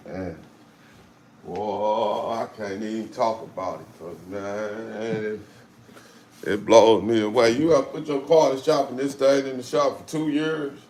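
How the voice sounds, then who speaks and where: A man's voice: lowish voice, fairly even intonation, unhurried, darkish tone. A man with a St. hosting a casual live chat. He talks in a streetwise way and repeats phrases. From St. Louis. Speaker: live stream host. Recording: roomy with faint background noise.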